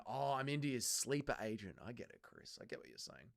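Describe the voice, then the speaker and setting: A man's voice: medium pitch, very animated, a little fast, creaky. A young Australian man hosting a livestream, chatting casually and crudely while reading out viewer comments. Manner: blunt, crude, joking. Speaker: livestream host.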